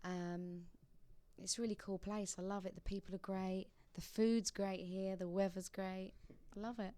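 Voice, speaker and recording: A woman's voice: mid-range voice, level tone, moderate pace, dark tone, dry recording. A young woman from England, a singer guest in a radio studio, chatting casually and laughing often.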